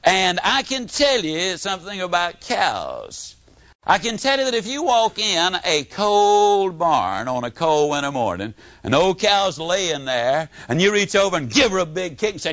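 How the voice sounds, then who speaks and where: This motivational speaker, an older Mississippi man with a Southern drawl, has a high voice and takes his time. Through dull, dry lo-fi audio, he spins folksy, humorous stories and performs the quotes with animation.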